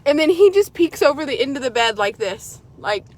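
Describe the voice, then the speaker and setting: A woman vlogger chatting casually from her car, telling a story in an animated way and swearing often. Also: sits high, brisk. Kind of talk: casual chat. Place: car while driving. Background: vehicle noise.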